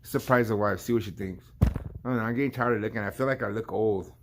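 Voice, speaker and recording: A man's voice: fairly low pitch, quick pace, noisy background. A man in his fifties, a barber hosting his own vlog, telling a shop story in a rambling, casual way and acting out his client's lines. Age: 50s.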